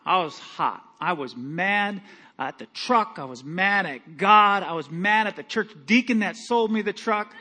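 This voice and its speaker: A man's voice: sits high, unhurried, bright, forceful tone. A male pastor preaching a storytelling sermon in a conversational, self-mocking way with many fillers.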